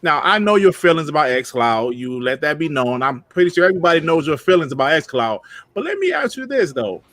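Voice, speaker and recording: A male live-stream host who talks loose and slangy, shouting out viewers in the chat. His voice sits a bit high, and the sound is dry and close. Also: very animated, a little fast, no echo. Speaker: podcast host reading chat.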